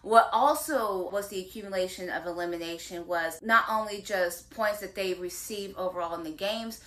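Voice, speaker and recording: A woman talks through a show recap in a relaxed, conversational way. Her voice is bright and tense at the edges, and her pitch sits in the middle. She slips into the characters' lines as she retells the scenes. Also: normal speed. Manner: animated retelling with acted-out quotes. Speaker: drama recap co-host. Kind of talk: casual chat.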